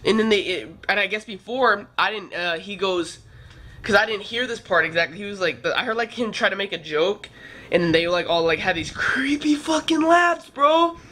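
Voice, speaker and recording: Young man, high voice, vlog storytelling, rambling, swearing, lots of fillers. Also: animated, normal speed, bright, forceful tone. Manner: rambling, profane, filler-heavy retelling. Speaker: vlogger. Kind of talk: casual storytelling. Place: California trip, downtown L A.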